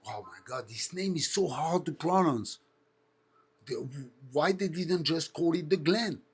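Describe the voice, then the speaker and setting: A man's voice: on the high side, lively intonation, measured pace, slightly rough. A man in his thirties with a French accent, hosting a casual live stream and telling stories with lots of swearing and engine-noise imitations. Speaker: host.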